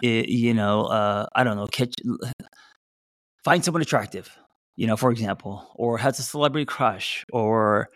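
A man's voice: lowish voice, moderate pace, a bit bright, no room sound, studio quality. A middle-aged man hosting a casual relationship-advice talk, loose and conversational, with fillers, restarts and self-deprecating asides. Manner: loose and conversational, many fillers and restarts, reading out audience replies. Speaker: podcast host.

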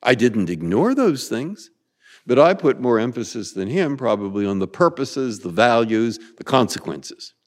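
Older male guest, 80s, lively discursive delivery, roomy reverb on the voice. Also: medium pitch, normal speed. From San Francisco, USA. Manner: discursive, circling back with repeated words and asides. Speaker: Supreme Court justice, guest. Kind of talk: reflective interview answers.

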